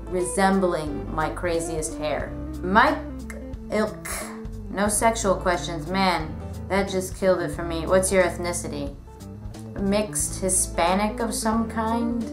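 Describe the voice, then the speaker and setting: A young woman vlogger answering viewer questions in a casual, rambling chat full of fillers. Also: lowish voice. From United States. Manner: chatty, rambling, lots of "like" fillers. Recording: echoey room with music behind. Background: background music.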